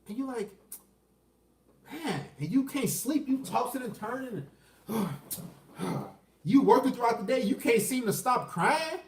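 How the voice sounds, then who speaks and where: A man's voice: extremely high pitch, lively intonation, unhurried, pauses often, distant mic. A man, ranting crudely on a livestream and answering chat questions. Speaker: dating commentary streamer. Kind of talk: unscripted livestream rant. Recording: roomy echo, off the mic.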